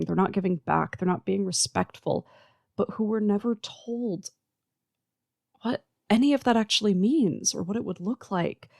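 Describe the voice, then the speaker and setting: Earnest podcaster with a gravelly voice. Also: mid-range voice, darkish tone, no echo, studio quality. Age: adult. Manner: earnest, emphatic, listing points in slow measured runs. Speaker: podcast host who works with teens. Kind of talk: reflective solo podcast monologue.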